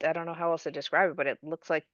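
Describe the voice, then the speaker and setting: A woman's voice: low-pitched, level tone, very fast, no echo, highs cut off. A woman co-hosting a podcast, chatting casually and explaining things she is reading. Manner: explaining, reading details aloud. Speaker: podcast co-host. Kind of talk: casual conversation.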